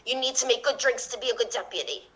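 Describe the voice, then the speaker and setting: A breezy, jokey police officer, played by a woman. Her voice sits a little high and sounds bright and forward. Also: quick pace, a little hiss or hum, close to an everyday voice, low-quality recording. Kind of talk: improvised comedy role-play.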